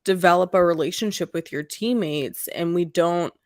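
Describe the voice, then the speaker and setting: A woman's voice: fairly low pitch, normal speed, no echo, studio quality. A woman co-hosting a podcast, chatting casually about a film and acting out quotes from it. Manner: chatty, acts out quotes in lively voices. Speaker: podcast co-host. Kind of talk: casual chat film review.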